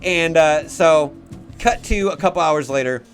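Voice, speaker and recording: A man's voice: fairly high pitch, a little slow, faint music behind. Profane rambling man telling a story. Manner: profane, rambling, animated when shouting quotes. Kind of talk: casual storytelling.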